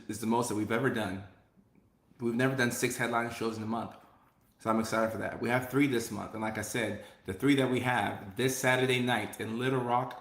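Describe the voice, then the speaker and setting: A man's voice: medium pitch, fairly bright tone. Upbeat male comedian hosting a casual live chat, mid-range voice, repeats himself, recorded in an echoey room. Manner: upbeat, repeats phrases, reads chat aloud. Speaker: live stream host and comedian. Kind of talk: casual live stream chat, reading comments.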